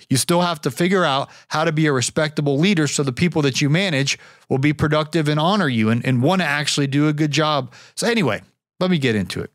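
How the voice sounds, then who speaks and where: A man talks solo on his podcast in a loose, rambling way, stumbling over words and chuckling to himself. His voice sits a little high for a man. The recording is close and dry, with no room sound. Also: fairly bright tone, no echo. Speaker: podcast host.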